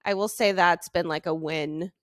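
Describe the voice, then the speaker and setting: A woman's voice: fairly low pitch, steady tone, moderate pace, no echo, clean studio sound. A young woman co-hosting a casual mom podcast, chatting with lots of fillers. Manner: chatty, heavy use of "like". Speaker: podcast co-host. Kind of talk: casual chat.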